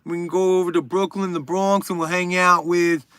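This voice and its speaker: A man putting on a deliberately bad New York accent, playing a loud local showing off the city. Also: sits high, little pitch movement, clean tone, dry recording. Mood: boastful. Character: loud New York tour guide guy.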